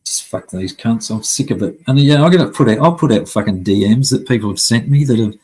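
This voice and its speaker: A man's voice: medium pitch, lively intonation, a little fast, darkish tone, breathy edge, low-quality recording. A man hosting a live stream, ranting angrily at his chat with constant swearing. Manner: heavy swearing, angry and blunt. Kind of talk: casual live-stream rant.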